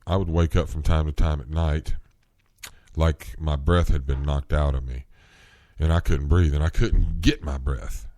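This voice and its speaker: Man, very low voice, slow unhurried delivery, earnest rambling commentary. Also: darkish tone, no room sound, clean studio sound. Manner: slow, rambling, earnest, rising in pitch when worked up. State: coughing, clearing throat. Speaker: podcast host. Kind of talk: solo commentary podcast.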